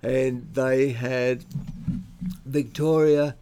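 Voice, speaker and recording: A man's voice: mid-range voice, steady tone, drawn-out words, warm tone, smooth. An older Australian man telling blunt, colloquial stories about his old security and police work in a rambling way, often restarting his sentences. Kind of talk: rambling spoken reminiscence.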